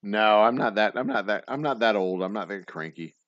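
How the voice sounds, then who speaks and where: A tipsy man, hosting a casual livestream and rambling fast. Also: lowish voice, dry recording, highs cut off. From Texas. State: tipsy, slurring. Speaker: livestream host.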